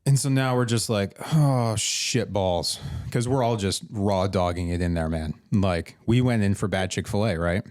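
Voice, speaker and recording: This guy's voice sits fairly low and the sound is dead dry, close up with no room at all. he's a podcast guest from emergency response, rambling and swearing through a casual story, restarting his sentences as he goes. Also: normal speed, hardly any pauses, a little mellow, dry recording.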